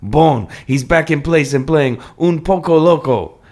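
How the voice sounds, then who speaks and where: A man's voice: a little high, unhurried, darkish tone, voice pushed up. A man doing a jittery, exaggerated fake French accent for a small, always nervous man in a comedic dramatic reading.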